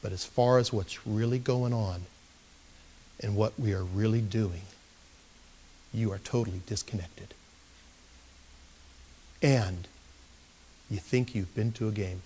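A male pastor telling a story in a sermon, animated and given to bursts of excitement. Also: slow pace, pauses often, slight background noise. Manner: animated, bursting into excited shouts at high points.

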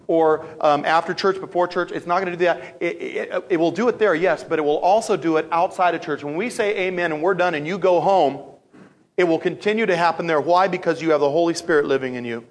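A male pastor delivering a sermon with a somewhat high voice. He tells stories in an animated way, slips into acted-out voices and repeats key lines to drive them home. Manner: animated storytelling, acts out voices, repeats phrases for emphasis.

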